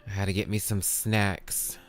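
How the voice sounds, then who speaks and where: A man's voice: on the low side, flat delivery, a little slow, soft background music. A man streaming a video game live, chatting casually and upbeat, greeting viewers by name and swearing now and then.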